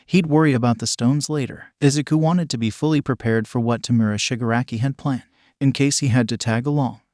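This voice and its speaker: A man's voice: mid-range voice, fairly quick, darkish tone, no echo. Man narrating fan fiction, dry close voice.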